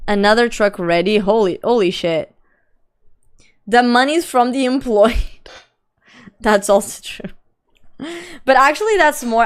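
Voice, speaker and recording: A woman's voice: on the high side, smooth. A young adult woman streamer chatting casually and reading her chat aloud. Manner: chatty, reads chat aloud, frequent laughs and "like".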